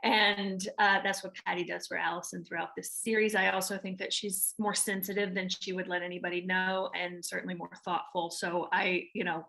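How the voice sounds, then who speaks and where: A woman's voice: lowish voice, flat delivery, brisk, vocal fry, hardly any pauses, bright, forceful tone. A woman with a Southern American accent, an actress answering interview questions in a chatty way with many restarts and fillers. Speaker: actress guest.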